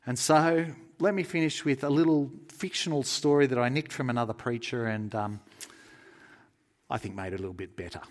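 Earnest male preacher, mid-pitched, conversational sermon delivery that softens in prayer. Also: animated, normal speed. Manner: earnest, conversational, drops soft for pleading and prayer.

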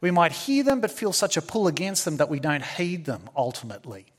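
A man's voice: a little high, big pitch swings, fairly quick. A man with an Australian accent preaching a sermon, earnest and emphatic, with many restarts and fillers.

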